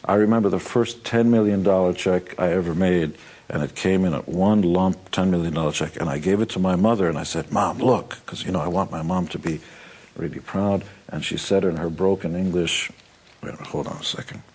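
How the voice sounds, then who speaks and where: A very deep-voiced man with a husky edge talks bluntly and wryly in an interview. His advice comes out plain and punchy, laced with dry humor. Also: steady tone, a little fast, darkish tone. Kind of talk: motivational interview talk.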